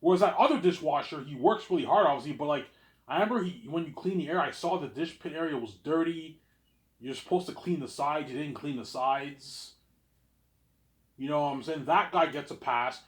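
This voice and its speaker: Speaking briskly in a slightly high voice, a young man vlogs in a loose, rambling monologue full of repeated words and restarted sentences. The recording has a roomy sound.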